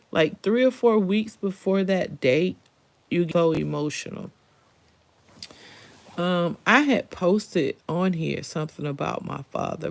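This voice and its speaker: A woman's voice: sits low, gravelly, a little mellow. A middle-aged woman hosting a live stream, chatting candidly and emotionally straight to her viewers. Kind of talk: casual live-stream chat.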